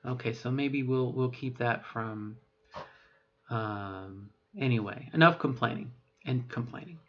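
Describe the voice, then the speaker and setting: A woman's voice: a bass voice, a little slow, a bit bright. A middle-aged trans woman speaking in her unaltered voice for a voice training vlog, meandering and hesitant, correcting herself often. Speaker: vlogger. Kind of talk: voice training vlog, rambling self-talk. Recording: dull lo-fi recording.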